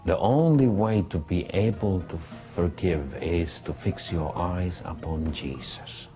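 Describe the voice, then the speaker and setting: A man interpreting a religious testimony into English, speaking earnestly in halting phrases that he often corrects as he goes. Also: low-pitched, mellow, faint music behind.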